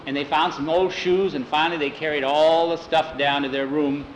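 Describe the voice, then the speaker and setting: Male storyteller, high voice, animated, slight background noise. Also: moderate pace, rough recording. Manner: lively, does voices for each character. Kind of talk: oral storytelling.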